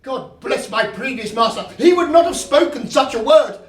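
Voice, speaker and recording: A woman's voice: high-pitched, lively intonation, normal speed, echoey room, far from the mic. A woman voicing a loyal, indignant old male servant who barks in protest, in a stage play. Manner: indignant, barking like a dog.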